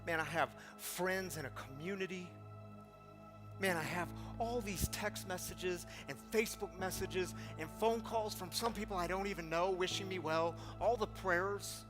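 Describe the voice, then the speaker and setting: A man's voice: high-pitched, normal speed, music in the background. A middle-aged man leading a recovery group, giving an earnest motivational talk with pleading lines he acts out. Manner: earnest, acts out pleading quotes with rising intensity. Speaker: recovery community leader.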